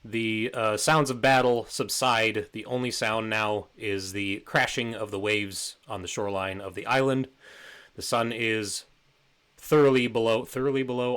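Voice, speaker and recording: A man narrating as game master of a tabletop game, relaxed and rambling with many fillers. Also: mid-range voice, clear, resonant tone.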